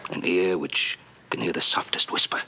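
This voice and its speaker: An actor playing a steady, wise rancher patriarch in a 1960s TV western, talking calmly, firmly and persuasively. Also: male voice, normal speed, slight background noise. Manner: calm, firm and persuasive.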